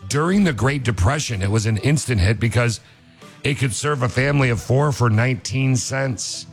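A man's voice: mid-range voice, normal speed, soft background music. A man hosting a casual chat, joking around and rattling off rambling fun facts. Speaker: host.

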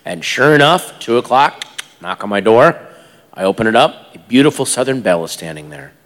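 A man doing stand-up storytelling on a stage, animated, incredulous and self-mocking. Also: mid-range voice, brisk. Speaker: stand-up comedian. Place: live comedy venue, large hall. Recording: long hall reverb, faint ambience.

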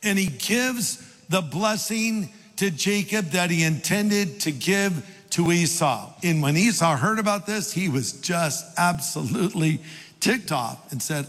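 A man's voice: on the high side, takes it slowly, fairly bright tone. Folksy older man preaching in a hall. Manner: folksy, self-deprecating humor. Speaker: pastor. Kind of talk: sermon with storytelling. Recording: long hall reverb.

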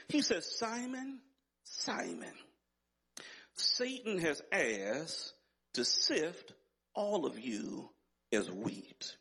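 A male pastor preaching with a husky, slightly breathy voice that sits high for a man. His delivery swings widely in pitch, emphatic and rising in intensity as he repeats his phrases. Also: fairly bright tone. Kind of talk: sermon.

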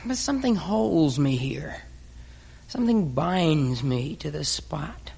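A woman's voice: low-pitched, expressive, slow pace, creaky, mellow, slightly rough, exaggerated voice. A woman playing a dramatic, cat-hating male pet dog in a stage musical, brooding in theatrical self-pity. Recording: reverberant stage recording.

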